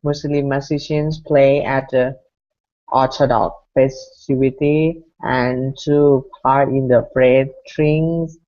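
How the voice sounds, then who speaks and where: A woman student reading aloud haltingly and repeating words after the teacher, over a video call. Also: a bass voice. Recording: muffled lo-fi call audio.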